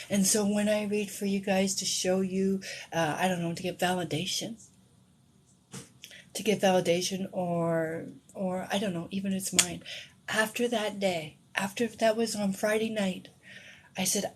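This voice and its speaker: A middle-aged woman who reads tarot cards tells her viewers a personal story. Her voice sits at a middling pitch and moves between near-whispers and bright, excited outbursts. A faint background hiss runs under her words. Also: unhurried. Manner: emotional, swings from hushed whispers to excited outbursts. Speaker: tarot card reader.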